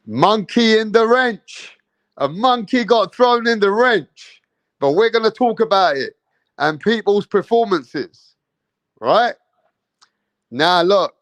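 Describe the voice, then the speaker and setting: A man's voice: sits high, fairly bright tone, no echo. A man from England hosting a live boxing stream, hyped and profane, repeating his points. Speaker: boxing channel host.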